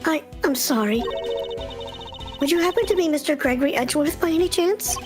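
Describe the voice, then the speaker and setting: A woman voicing a cheerful female TV cooking host who greets guests warmly as a hostess, with faint music behind. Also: high-pitched, animated, fairly quick. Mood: welcoming. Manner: bright, welcoming hostess.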